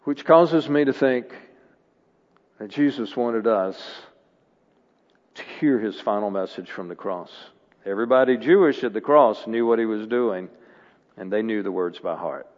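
A man's voice: on the low side, unhurried, pauses often, darkish tone. Male guest preacher, earnest and emphatic, long church reverb, dull lo-fi sound. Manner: earnest, rising to emphatic bursts. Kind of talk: sermon.

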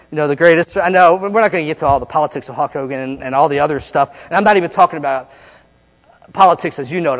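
High-voiced male pastor in echoey hall. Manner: conversational and joking, with dramatic pauses. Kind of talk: sermon with call-and-response. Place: church sanctuary. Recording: dull lo-fi recording with long hall reverb and mains hum.

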